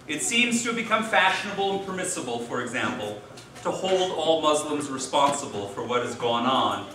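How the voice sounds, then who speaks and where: Rabbi giving a dinner speech, higher voice, heard from far off in an echoey hall, folksy storyteller. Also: male voice, pushed and bright, slight background noise. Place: large hall. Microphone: distant mic.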